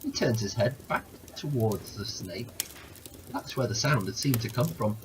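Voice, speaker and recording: A man reads a long tale aloud, shaping each sentence with expressive, animated phrasing. His voice sits in a middle register but ranges widely as the story unfolds. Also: mid-range voice, measured pace, background noise. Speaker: narrator. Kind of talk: storytelling reading.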